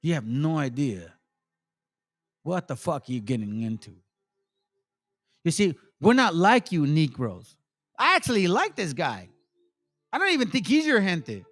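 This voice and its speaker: A man's voice: fairly high pitch, wildly swooping pitch, unhurried, pauses often, fairly bright tone, faint music behind. A man, a channel host, delivering an angry, profane rant full of sarcasm and repetition. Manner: heated, cursing, sarcastic, repeats himself. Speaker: channel host, insurance seller.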